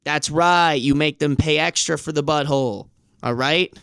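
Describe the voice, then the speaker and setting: A man's voice: fairly high pitch, moderate pace, creaky, a bit bright, clean tone, no room sound, clean studio sound. A man streaming live from home, chatting casually and cooing in playful baby talk to his cat, swearing freely. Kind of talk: casual livestream chat.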